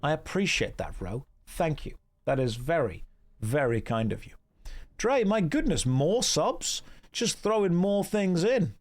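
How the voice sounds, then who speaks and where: Here the voice is a little high, sing-song and a touch slow, coming from an English man streaming a game online. Chatty and teasingly wry, he reads viewers' messages aloud and gives donors warm thanks.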